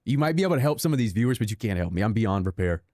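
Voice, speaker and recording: A man's voice: fairly low pitch, sing-song, very fast, a little mellow, no echo, studio quality. A young man streaming a racing game, chatting with his viewers in a sarcastic, self-deprecating, rambling way. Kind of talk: casual live-stream chat while gaming.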